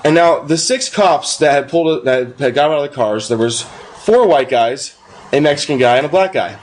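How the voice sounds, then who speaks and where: A man's voice: on the high side, moderate pace. A young man, a podcast co-host, telling a long drunken-night story in casual, profane speech and acting out the quotes. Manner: profane, animated anecdote with acted-out quotes.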